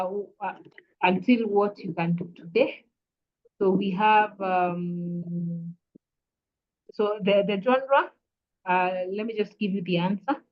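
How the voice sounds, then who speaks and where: A woman with a Kenyan accent leads an online revision lesson over a video call. Her voice sits at a middle pitch, and she is patient and repetitive, with steady "uh" fillers. The sound is dull and lo-fi. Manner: patient, repeats "kindly", frequent "uh" fillers. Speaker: English teacher.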